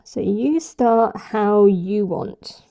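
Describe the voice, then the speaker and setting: A woman teaching a yoga class, guiding the poses and breathing slowly and gently. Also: medium pitch, vocal fry. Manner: slow, gentle and soothing. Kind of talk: guided yoga instruction.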